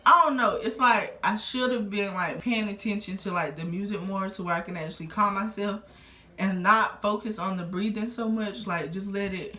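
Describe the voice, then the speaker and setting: Pushed and bright at medium pitch, this young woman's voice moves at normal speed as she rambles through a casual storytime vlog, conversational and full of fillers. Room echo is audible in the recording.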